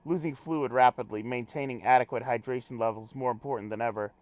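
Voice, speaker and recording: Man reading a stuffy, clipped log-keeping explorer, mid pitch, dry sound. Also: fast, no echo, close to an everyday voice. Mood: stiff. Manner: clipped telegraphic log-speak, pompous wording. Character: terse, formal male adventurer logging reports.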